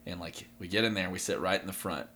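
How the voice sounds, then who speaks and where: A man's voice: deep voice, steady tone, fast talker, sharp tone, a little hiss or hum. A young man, co-hosting a podcast and telling stories in a laid-back way, laughing often. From East Tennessee. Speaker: podcast co-host. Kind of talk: casual chat.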